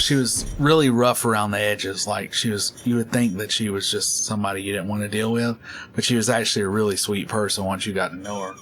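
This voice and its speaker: A middle-aged man with a drawl, chatting loosely as he plays a game. His voice sits on the low side, and he rambles from story to story with frequent laughter. Faint game sounds hum underneath. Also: fairly bright tone. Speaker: gaming channel host. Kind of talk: casual chat while playing.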